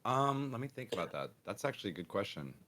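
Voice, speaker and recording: A man with a deep voice that swoops widely in pitch speaks on voice chat. He has only just woken up and rambles on, correcting himself as he recounts his moves. He sounds loose and good-humored. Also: very animated, fast talker, a bit bright. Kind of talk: casual gaming chat.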